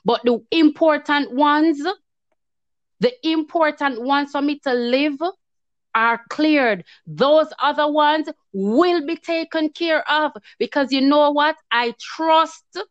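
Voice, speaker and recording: In a dull, lo-fi recording with no echo, a woman speaks slowly in a high voice. She's a guest giving a heartfelt testimony in casual chat, performing her own earlier words with emotion.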